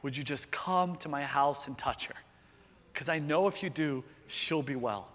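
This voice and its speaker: A man acting out a desperate father begging for his dying little girl, hushed and repeating please, with a long hall echo trailing each line. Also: a little high, normal speed. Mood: desperate pleading. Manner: pleading, repetitive, hushed. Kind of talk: sermon retelling.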